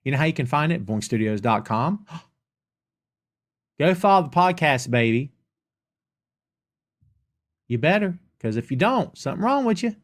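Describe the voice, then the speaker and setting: Man, Southern accent, podcast host, lively swooping pitch, slightly high voice, emphatic casual ranting. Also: measured pace, long pauses. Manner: animated, emphatic, repeats himself for effect. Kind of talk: live Q&A podcast, casual rant.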